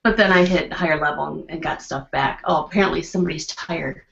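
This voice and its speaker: A woman guest on a podcast chatting casually in a rambling, animated way, on a lo-fi recording. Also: sits low, brisk, gravelly, slight background noise. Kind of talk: casual chat.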